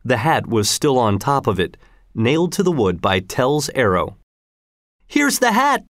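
A man narrating a children's history story in a measured, expressive reading. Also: medium pitch, no room sound, studio quality.

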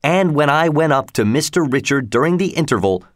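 A man's voice: on the high side, animated, fairly quick, no echo, studio quality, pitched above the performer's own voice, lightly acted. A man voicing a suspicious male theater secretary who presses his colleagues with insistent, accusing questions. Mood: agitated.

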